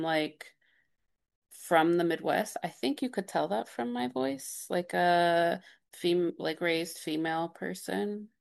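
Gravelly-voiced woman from Ohio. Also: on the low side. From Cincinnati, Ohio. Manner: thoughtful, uses "like" and "um" often, rising question-like endings. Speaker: radio producer, interviewee. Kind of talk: conversational interview answers.

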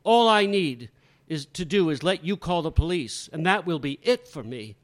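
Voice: medium pitch, animated, moderate pace, close to an everyday voice. An actor playing a young mother who speaks in a cutting, sarcastic way. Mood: accusing. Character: bitter, distraught young mother. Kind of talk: audio drama acting.

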